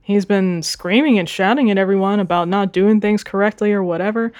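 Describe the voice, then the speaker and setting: A woman's voice: mid-range voice, fairly quick, a little mellow, muffled recording, natural voice. A woman reading the lines of a polite, chatty male animal villager from a story.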